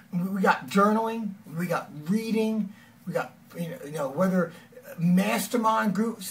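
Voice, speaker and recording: A man giving an energetic, conversational motivational talk as a life coach, often acting out quoted lines. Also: high-pitched, recorded from a distance.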